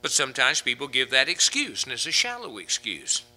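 A man's voice: mid-range voice, huge pitch swings, a little fast, sharp tone. A man preaching a sermon from the pulpit, rising to fervent, emphatic peaks as he drives his points home. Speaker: pastor.

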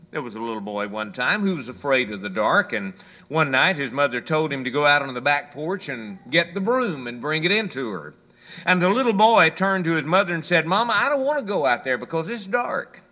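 A male preacher with a high, bright voice that swings lively up and down. He tells homespun stories and reads scripture, sinking into quiet low asides between points. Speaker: pastor. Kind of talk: sermon with folksy illustrations.

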